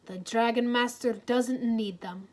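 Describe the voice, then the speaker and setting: Woman doing a serious brave young lady, slow and earnest. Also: on the high side, darkish tone, a little hiss or hum, lightly acted. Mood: solemn.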